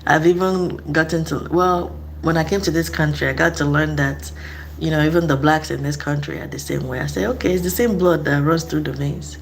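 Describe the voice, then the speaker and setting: A mother from Africa tells stories in a casual vlog, animated and laughing often as she acts out voices. Her voice sits low and moves fairly quickly, with a little hiss or hum in the recording.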